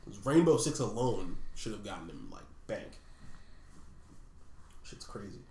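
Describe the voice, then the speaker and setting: A man co-hosting a podcast in casual chat, swearing freely and laughing loudly. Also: fairly low pitch, big pitch swings, a little slow. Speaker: podcast co-host. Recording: roomy echo.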